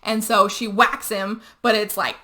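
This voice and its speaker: A woman hosting a podcast, casually retelling a movie plot with lots of "like" and quick quoted character voices. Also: medium pitch, level tone, pushed and bright, a little hiss or hum. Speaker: podcast host. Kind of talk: casual movie recap chat.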